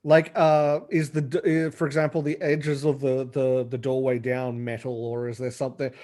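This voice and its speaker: A man playing in a tabletop game, talking casually with halting questions. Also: mid-range voice, flat delivery, darkish tone. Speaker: player. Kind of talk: casual chat.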